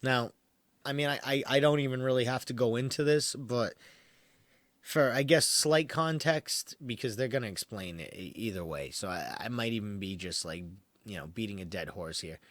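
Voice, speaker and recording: A podcast host with a medium-pitched, slightly bright voice reads an article at a normal pace in a dry recording. He keeps breaking off into rambling, wry asides packed with fillers and laughter.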